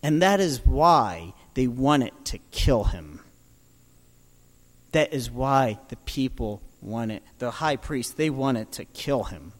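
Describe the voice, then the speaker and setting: A man preaching a sermon, building dramatically from quiet storytelling to loud proclamations. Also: medium pitch, expressive, slow pace, in a large hall.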